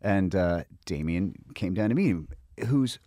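Animated low-voiced American man, dry mic. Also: a little slow, dry recording. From United States. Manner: animated, profane, emphatic ranting. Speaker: actor, podcast guest. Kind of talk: casual conversation.

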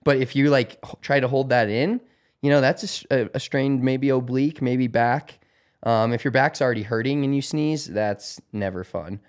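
A man's voice: mid-range voice, normal speed. A man chatting casually on a podcast, rambling with lots of fillers. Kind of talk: casual chat.

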